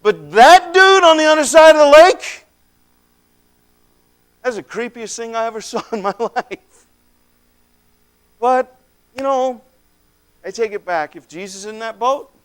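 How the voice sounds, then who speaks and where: A male preacher with a voice that sits very high for a man, clear and resonant. He tells the story as if he lived it, surging into loud, shouted moments and dropping to near-hushed lines. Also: a little slow, long pauses. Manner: animated, swings from loud outbursts to hushed lines. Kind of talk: dramatic first-person sermon storytelling. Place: church.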